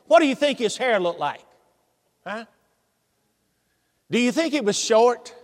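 A man's voice: very high-pitched, expressive, measured pace. A man preaching a sermon, telling the story animatedly with humor and asking the congregation questions. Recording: long hall reverb.

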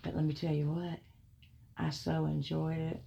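A woman narrating an explicit erotic story in a slow, breathy, sultry way. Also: deep voice, level tone, highs cut off, background noise.

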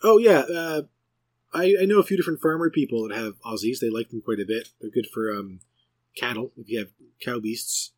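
A man's voice: medium pitch, brisk, darkish tone, no room sound. A middle-aged man co-hosting a podcast in easygoing, joking casual chat. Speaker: podcast co-host.

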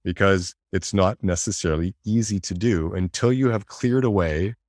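Low-voiced man, animated, dry sound. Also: moderate pace, dry recording. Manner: animated, acts out inner voices, laughs often. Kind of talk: reflective conversation.

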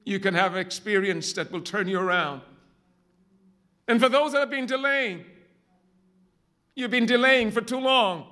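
A man preaching a sermon in church, swinging from hushed, drawn-out emphasis to loud calls to the congregation. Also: sits high. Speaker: pastor.

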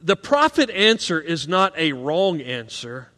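A middle-aged man preaches in a high, carrying voice, earnest and pressing harder on the points he wants to land. He often doubles a word as he starts a phrase. His voice rings with the long reverb of a church sanctuary. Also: sing-song, measured pace, pushed and bright. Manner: earnest, rising in emphasis on key points. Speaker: pastor. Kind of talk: sermon.

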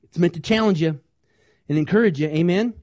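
A male pastor delivers a lively sermon. His voice sits high for a man and sounds dry and close. He keeps asking the congregation questions and acts out the voices he quotes. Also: fairly quick, dry recording. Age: young adult or middle-aged, parent of small kids.

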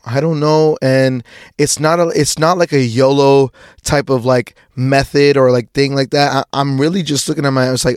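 A man's voice: medium pitch, fairly even intonation, normal speed, darkish tone, clean tone, no echo, studio quality. A young man hosting a podcast, talking through a casual personal monologue in a rambling way, with many restarts and casual swearing. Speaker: podcast host.

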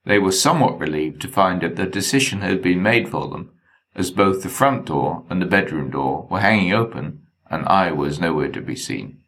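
A man reads his memoir aloud, wry and deadpan. His voice sits very low, yet his delivery rises and falls with lively expression. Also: normal speed. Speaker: narrator. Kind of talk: memoir reading.

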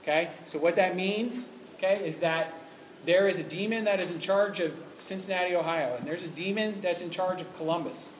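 A man with a notably high voice preaches to a youth audience, emphatic and conversational, leaning on repeated rhetorical checks. He sounds like he's in an echoey room, with a faint hum of noise behind him. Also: normal speed. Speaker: youth ministry speaker. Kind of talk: sermon.

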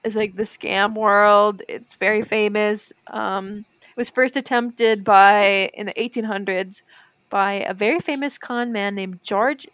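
A young woman with a Midwestern accent, co-hosting a casual podcast chat and telling stories in an animated, giggly way. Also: mid-range voice, unhurried, clean tone, dry recording. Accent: Midwestern American. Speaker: podcast co-host.

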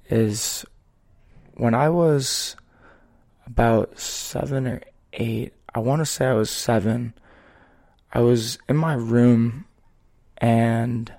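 A podcast host with a gravelly fry and a slightly mellow voice, neither high nor low, talks slowly and earnestly. He takes his time, weighing each phrase in measured, earnest storytelling during a reflective podcast conversation.

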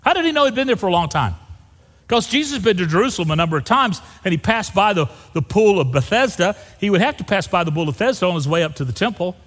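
A man's voice: high-pitched, lively intonation, fast, fairly bright tone, big-room sound. A man preaching a sermon as a pastor, folksy and joking, acting out the people in the story. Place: church sanctuary.

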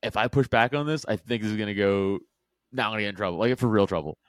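A man's voice: lowish voice, fast, no room sound. A man guest on a podcast, telling stories in rambling, profane casual chat full of fillers.

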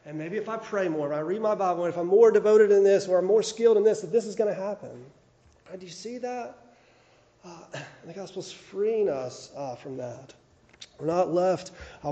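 A man's voice: sits high, dark tone, echoey room, highs cut off. A man preaching a sermon in a conversational way, with frequent fillers and restarts. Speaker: pastor.

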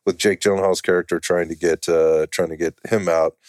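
A man hosting a podcast, relaxed, who laughs along and chimes in with quick affirmations. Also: low-pitched, no room sound, clean studio sound. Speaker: podcast host. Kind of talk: casual interview chat.

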